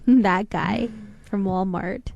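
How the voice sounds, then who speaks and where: A woman co-hosting a casual call-in show, teasing and quick to laugh. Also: medium pitch, gravelly, darkish tone, dry recording, dull audio.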